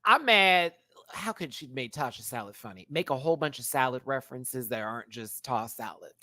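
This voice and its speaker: A man hosting a live-stream review rant, sassy and animated. His pitch swings widely from low mutters to high exclamations, and his voice has a bright, sharp edge. He laughs easily between points. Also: brisk, no room sound. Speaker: drag show reviewer and channel host.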